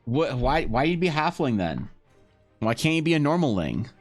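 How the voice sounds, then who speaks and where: A man talks loosely to his viewers while he sketches, drifting between topics and swearing freely. His pitch sits mid-range, and faint music plays under his voice. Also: sing-song, normal speed. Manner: loose, rambling, profane banter. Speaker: livestreaming artist. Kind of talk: casual stream chat while drawing.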